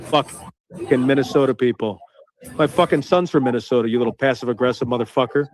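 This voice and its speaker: A man's voice: mid-range voice, brisk. A man hosting a livestream, ranting in a heated, profane way and repeating his taunts. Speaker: livestream host. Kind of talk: livestream rant.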